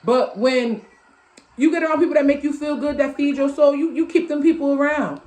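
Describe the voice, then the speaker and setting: A woman's voice: high voice, fairly quick, a little mellow. A woman reading tarot for her viewers in a loose, emphatic way, repeating phrases, swearing casually and laughing at her own slips. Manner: sassy, emphatic, repeats phrases, sing-song chanting. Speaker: tarot reader.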